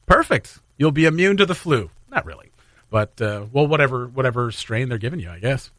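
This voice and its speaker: A man's voice: mid-range voice, brisk, dry recording, clean studio sound. A man hosting a morning radio show, chatting casually and joking with co-hosts. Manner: jokey, laughs often, lively. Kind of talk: casual banter.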